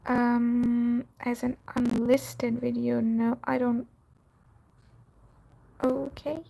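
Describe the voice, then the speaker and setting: Slow, gravelly-voiced woman chatting on a live stream. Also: on the high side, completely flat delivery, dark tone. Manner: chatty, laughs often, trails off with fillers. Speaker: cattery owner and channel host. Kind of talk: casual live-stream chat.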